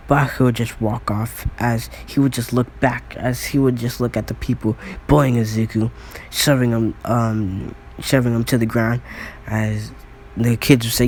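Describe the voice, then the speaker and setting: A man's voice: mid-range voice, level tone, moderate pace, a little mellow, a little hiss or hum. A man improvising a fan story as narrator, rambling with lots of asides and self-corrections. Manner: rambling, many fillers and restarts. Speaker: channel storyteller.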